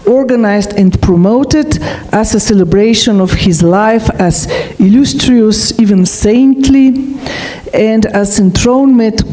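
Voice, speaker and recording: Woman lecturing, slow and careful, lots of uh's, soft mellow tone. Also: mid-range voice, poor audio. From Slovenia. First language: Slovene. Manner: deliberate, with frequent hesitant fillers. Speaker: philosopher giving a lecture. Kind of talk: academic lecture.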